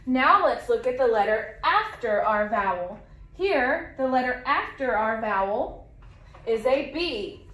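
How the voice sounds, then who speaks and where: Slow-paced woman teaching phonics, echoey room. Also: a little high, fairly bright tone. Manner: slow, clear, drawn-out modeling of sounds with repetition. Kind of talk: phonics lesson for young children.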